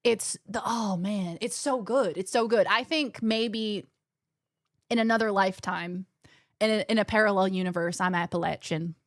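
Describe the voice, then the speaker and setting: A young woman talks casually to her stream chat, hopping from one aside to the next. Her voice sits at an average pitch. It is recorded dry and close at home on a desk mic. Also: no room sound. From Australia. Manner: chatty, quick asides to chat. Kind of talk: casual chat while gaming.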